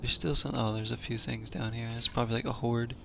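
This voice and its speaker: A man's voice: mid-range voice, flat delivery, fast, creaky. A man in a casual let's-play chats with his viewers while he plays, joking and laughing often. His voice sits in an ordinary middle register. Faint noise runs behind him. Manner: chatty, joking, laughs often, talks to chat. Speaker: gaming channel host.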